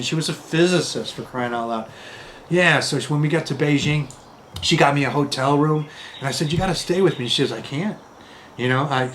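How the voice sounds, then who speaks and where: A man from Chicago in his fifties, telling travel stories in a casual, rambling, animated way with lots of "you know". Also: medium pitch, slight background noise. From Chicago, USA. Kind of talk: casual storytelling.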